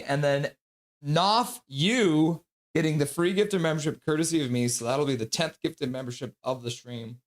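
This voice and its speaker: A man hosting a casual livestream, chatty and sassy, reading out donations and sleep-deprived. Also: a little high. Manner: sassy, joking. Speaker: livestream host.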